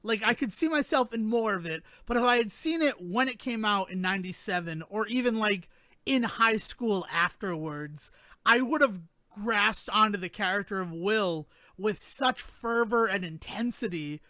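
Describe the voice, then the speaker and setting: A man co-hosting a podcast, chatting casually in an animated, joking, self-mocking way. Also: sits high, normal speed, no room sound. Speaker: podcast co-host. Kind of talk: casual chat.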